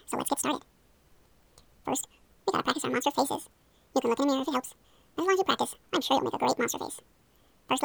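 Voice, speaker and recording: A woman's voice: high voice, creaky, breathy edge, dry recording. A young woman leading a playful hypnosis role-play, coaxing and encouraging the listener. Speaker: hypnosis guide.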